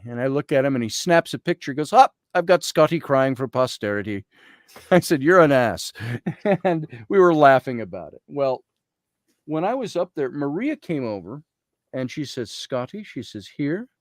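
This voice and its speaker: A man's voice: mid-range voice, no echo. Man telling a story in a dry, close sound. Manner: animated storytelling with quoted voices; reads aloud slowly from a journal. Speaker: guest, Egyptologist. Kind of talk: storytelling in a conversation.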